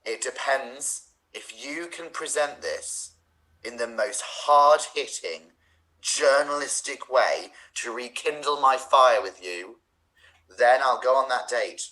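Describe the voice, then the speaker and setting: A man improvising a smooth, mock-formal male news anchor who teases his co-host. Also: mid-range voice, animated, takes it slowly, bright, forceful tone, low-quality recording. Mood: teasing. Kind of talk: improv comedy.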